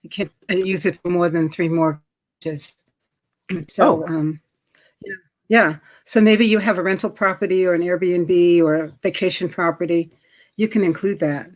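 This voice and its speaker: A middle-aged woman from New York with a New York accent, a guest chatting casually about credit, often pausing with ums and clearing her throat. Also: on the low side, steady tone. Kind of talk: casual interview chat.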